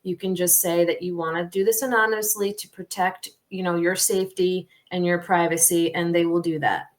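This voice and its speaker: Animated storytelling woman, podcast co-host. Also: on the low side, brisk. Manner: animated storytelling, laughs often. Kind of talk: casual chat.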